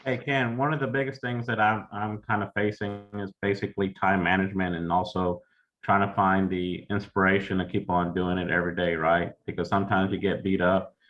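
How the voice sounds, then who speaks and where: Man, caller, deep monotone voice, earnest question, muffled call sound. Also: fairly quick. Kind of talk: casual question on a video call. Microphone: video call. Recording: dull lo-fi call audio.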